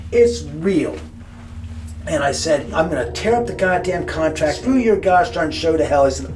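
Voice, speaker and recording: A man tells a long dramatic story with lots of energy. His voice sits fairly high for a man. He acts out the people he quotes and swears freely. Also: darkish tone. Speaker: homeowner telling a story. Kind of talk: animated storytelling.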